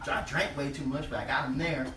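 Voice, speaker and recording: A man performing a stand-up comedy set, telling animated stories, acting out other people's lines and often laughing at his own punchlines. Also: medium pitch, a little fast. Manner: animated storytelling, acting out quotes, frequent laughter. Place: comedy venue stage. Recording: echoey live room, mic heard from a distance, loud background noise. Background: audience laughter.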